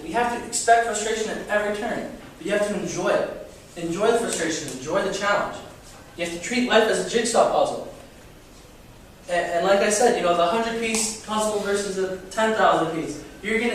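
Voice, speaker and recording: A young man, a student lecturer, teaches an informal class to a live classroom audience in a high, fairly bright voice. He's chatty, full of rhetorical questions, and often stumbles and repeats himself. The echoey room makes him sound far off, with a little hiss or hum.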